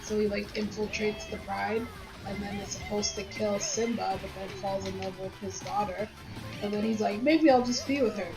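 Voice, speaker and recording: A woman's voice: mid-range voice, moderate pace. A woman chatting with friends while gaming, retelling a movie plot and swearing casually. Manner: animated storyteller, swears casually. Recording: roomy sound with game music.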